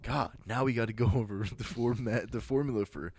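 A man's voice: medium pitch, fairly quick, background noise. A young man co-hosting a podcast, blunt and teasing, swearing and laughing through casual chat. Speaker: podcast co-host.

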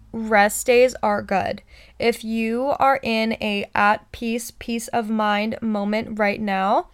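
Podcast host, woman, bubbly pep-talk delivery, slow and smooth, a touch high. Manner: excited, pep-talk cheerleading. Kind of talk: solo motivational podcast talk.

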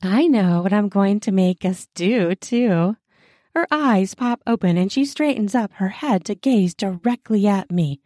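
A woman's voice: mid-range voice, animated, unhurried, dark tone, no echo, studio quality. A woman narrating a first-person adult romance audiobook in a playful, teasing way.

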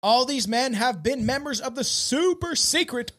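A man's voice: very high voice, lively intonation, moderate pace, a bit bright. A man hosting a casual comedy podcast, crude and joking, rambling with frequent restarts. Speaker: podcast host.

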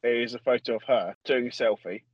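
A man's voice: mid-range voice, quick pace, no room sound, highs cut off. A man with a Welsh accent co-hosting a comedy podcast, chatting casually and joking. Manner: jokey, puts on a husky voice. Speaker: podcast co-host.

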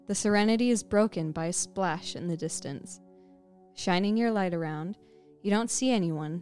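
A woman co-hosts a podcast and reads an eerie lake legend. She speaks in a low voice and sets the scene by addressing the listener as "you." Faint music plays underneath. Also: darkish tone. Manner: second-person scene-setting, leading the listener. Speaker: podcast co-host. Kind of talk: scripted spooky storytelling.

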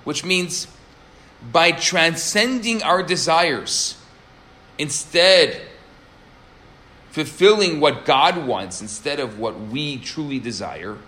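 A man giving an earnest religious talk, telling stories and stressing key words by slowing down and raising his voice. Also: bright, forceful tone. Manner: earnest, emphatic, varies pitch and pace for stress. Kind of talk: sermon with storytelling.

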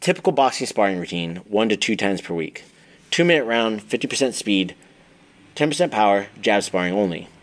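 A man with a fairly low voice reads his own fight-training book aloud. He moves steadily through lists of drills and equipment in an instructional tone. Now and then he trips over a word and restarts. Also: fairly quick. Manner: steady instructional reading, listing drills item by item; occasional stumbles and restarts. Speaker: Muay Thai coach reading his own book.

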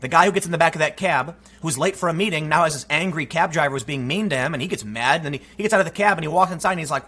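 Host type: bright, forceful man, slightly husky, lively spoken commentary monologue. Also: a little high, racing, hardly any pauses. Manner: animated storytelling, acts out quoted voices.

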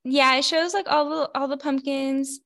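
A woman's voice: sits high, fairly even intonation, moderate pace, a bit bright. A young woman co-hosting a podcast, chatting in an easygoing, agreeable way and telling casual stories. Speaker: podcast co-host. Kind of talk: casual recap chat.

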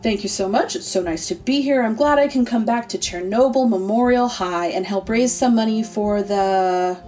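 A woman's voice: fairly high pitch, moderate pace, darkish tone, close to an everyday voice. A woman voicing a weary, irritable middle-aged male actor who forces politeness through his flustered speech. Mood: strained. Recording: distant mic, faint music.

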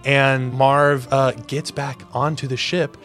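Casual male game master, bright voice, loose narration. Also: medium pitch, flat delivery, slow pace, faint music behind. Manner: casual, filler-heavy narration with likes.

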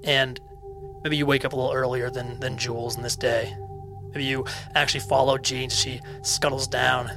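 A man's voice: medium pitch, level tone, normal speed, gravelly. A man narrating a tabletop game as game master, describing scenes in detail and joking about his own voices. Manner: descriptive, self-deprecating. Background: background music.

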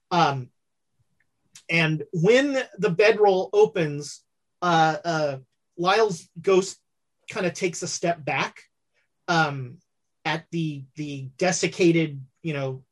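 A game master narrating a tabletop horror game with many halting fillers. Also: medium pitch.

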